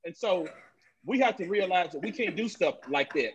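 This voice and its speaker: A man's voice: sits high, lively intonation, moderate pace. A man who is a police officer, speaking as a guest on a panel discussion. He tells stories emphatically and often repeats his phrases. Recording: dull lo-fi audio.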